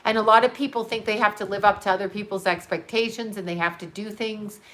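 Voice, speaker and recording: A woman's voice: mid-range voice, fairly even intonation, fast, a bit bright. A middle-aged woman hosting a casual livestream. She reads viewer comments and talks freely, swearing and laughing at her own jokes.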